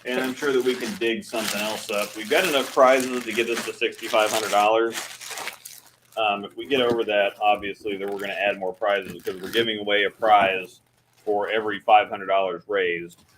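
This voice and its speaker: A man with a somewhat low voice co-hosts a livestream in loose, casual chat. He rambles easily and leans on fillers as he talks. A faint hiss sits under the recording. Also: normal speed. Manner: relaxed, rambling, filler-heavy. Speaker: co-host of a fundraiser livestream.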